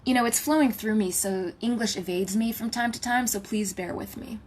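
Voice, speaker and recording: Recording at home, a spiritual healer delivers a channeled message in a slightly high voice at a brisk pace. Her reverent, litany-like flow sometimes sinks to a hushed whisper and is dotted with playful asides, with slight background noise behind her.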